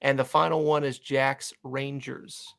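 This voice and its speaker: A man's voice: medium pitch, little pitch movement, a little slow, vocal fry, a bit bright. A man hosting a fan podcast, upbeat, introducing upcoming guests and asking questions. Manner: upbeat, plugs upcoming episodes. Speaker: podcast host.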